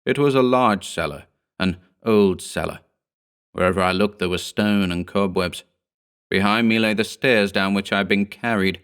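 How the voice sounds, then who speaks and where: A man narrating a horror story in the first person, with a measured, steady delivery. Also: fairly low pitch, clear, resonant tone. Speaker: audiobook narrator.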